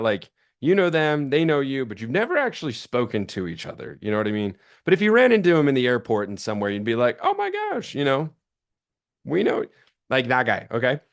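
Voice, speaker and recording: A man in his thirties giving a lively sales training talk, chatty and energetic, acting out quoted phone calls in his stories. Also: medium pitch.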